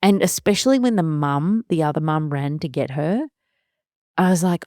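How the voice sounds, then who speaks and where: Low-voiced mum talking candidly. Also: female voice, expressive, fairly quick, a little mellow, no room sound, clean studio sound. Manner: candid and emotional, laughing through worry. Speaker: podcast host. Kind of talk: solo parenting podcast monologue.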